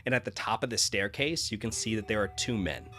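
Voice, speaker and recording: Game master: low-pitched man, casual narration over faint music. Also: brisk, bright, forceful tone. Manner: casual with frequent fillers.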